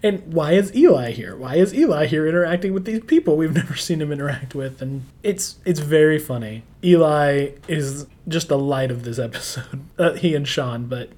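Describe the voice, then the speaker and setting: Guy recapping a tv episode w his cohost, kinda high voice, laughs a ton, lots of likes and ums. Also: lively intonation, moderate pace, hardly any pauses, a little mellow. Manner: chatty, laughs often, many fillers. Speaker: podcast co-host. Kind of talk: casual chat recapping a TV episode.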